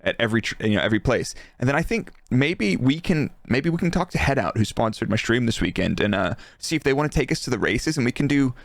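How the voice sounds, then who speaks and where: A man co-hosting a casual podcast, relaxed and chatty, laughing easily. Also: mid-range voice, fast, hardly any pauses, no echo, studio quality. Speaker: podcast co-host, former F1 engineer.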